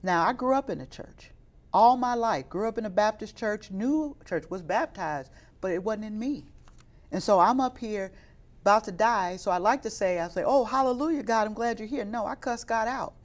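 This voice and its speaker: Speaking at normal speed with a medium-pitched, animated voice, a middle-aged woman recounts her life in an interview. She works as a youth minister on Chicago's west side, and her earnest testimony swells into fervent, preacher-like passages.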